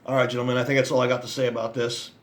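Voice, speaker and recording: His mid-range voice barely changes pitch as he races along, a tired man vlogging straight to camera for male viewers. He rambles, leaps between thoughts and swears often in a casual monologue, sounding worn out, frustrated, disappointed and resigned.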